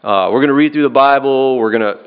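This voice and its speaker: A man preaches a sermon in an earnest, plain way. His voice sits at an ordinary middle pitch. He often circles back and repeats phrases. The recording sounds dull and lo-fi. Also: quick pace, clear, resonant tone. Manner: earnest, repeats and restarts phrases, asks "right?".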